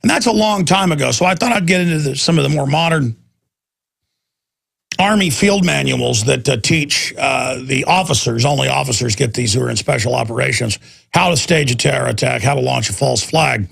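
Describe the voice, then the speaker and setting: A man's voice: medium pitch, fairly quick, gravelly, a bit bright, breathy edge. A man hosting a talk radio show, ranting intensely in a combative political monologue.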